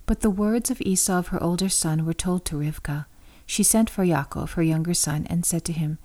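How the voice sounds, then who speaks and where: Woman narrating scripture, mellow. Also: low-pitched, fairly even intonation, normal speed. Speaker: scripture reader.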